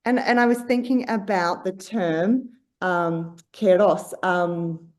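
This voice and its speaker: A woman's voice: lowish voice, takes it slowly. A woman speaking as a podcast guest, reflective and searching for words, with many fillers and restarts. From Australia. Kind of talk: reflective conversation.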